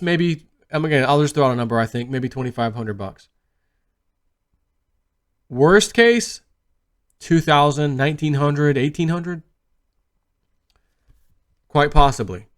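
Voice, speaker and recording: A man in the middle of his pitch range talks loosely and conversationally. He rambles through his trades, restarting sentences and acting out what was said to him. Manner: chatty, rambling, lots of restarts and retold asides. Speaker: crypto YouTuber. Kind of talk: casual monologue to camera.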